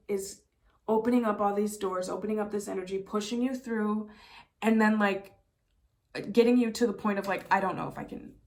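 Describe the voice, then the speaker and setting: A young adult woman giving a casual tarot reading, talking excitedly with emphatic bursts and laughs. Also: medium pitch, creaky. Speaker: intuitive tarot reader.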